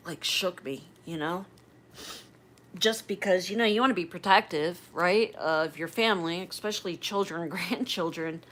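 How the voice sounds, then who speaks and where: A woman's voice: mid-range voice, fairly bright tone. A woman in her fifties chatting on a livestream, rambling and emotional as she tells family stories. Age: 50s. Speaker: livestream host. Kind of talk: casual livestream chat.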